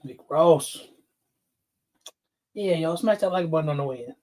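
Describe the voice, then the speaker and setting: A man's voice: on the high side, measured pace, darkish tone. A man hosting a casual livestream, greeting chatters by name, laughing often and getting fired up. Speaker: livestream host.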